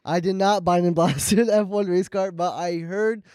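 A man's voice: high-pitched, steady tone, normal speed, mellow, no echo, studio quality. A man co-hosting a casual podcast, worn out after a long stream, playful and laughing often. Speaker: podcast co-host.

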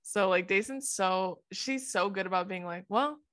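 Woman host, bright sharp voice, dry close sound, profane, confrontational. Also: medium pitch, moderate pace, no room sound. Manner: confrontational, profane, animated storytelling. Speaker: podcast host. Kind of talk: casual podcast chat.

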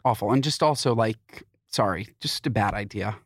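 A man co-hosting a podcast, chatting casually and joking with quick asides. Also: fairly low pitch, slightly rough, dry recording, clean studio sound. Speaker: podcast co-host. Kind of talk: casual chat.

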